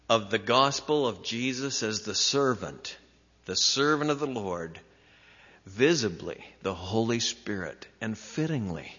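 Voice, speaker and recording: A man preaching an expository sermon, with emphatic, drawn-out phrasing and sudden rises in pitch. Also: fairly bright tone. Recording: dull lo-fi recording in a reverberant hall.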